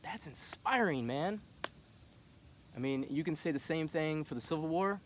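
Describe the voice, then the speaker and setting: A man's voice: on the high side, expressive, normal speed, a little hiss or hum. A middle-aged man talking casually and passionately, full of fillers. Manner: passionate, rising to heated shouting; casual, filler-heavy talk. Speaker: vlogger. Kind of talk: casual monologue on politics.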